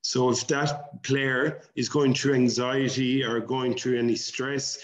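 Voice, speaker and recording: A man, a coach on a webinar panel, giving measured, steady advice. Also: mid-range voice. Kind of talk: calm discussion. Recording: roomy, dull video call audio.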